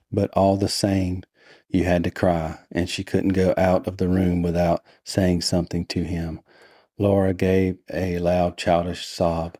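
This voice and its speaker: Deep, dry-voiced man reading slowly. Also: no echo. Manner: flat, unhurried, monotonous. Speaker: podcast host and reader. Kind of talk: deliberately dull, slow story reading.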